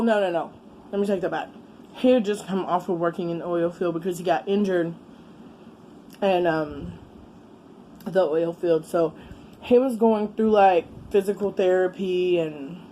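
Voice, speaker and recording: A middle-aged woman, chatting casually as a vlogger while eating, exclamatory and quick to laugh. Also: fairly low pitch, dark tone, slight background noise. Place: home, with a fan running.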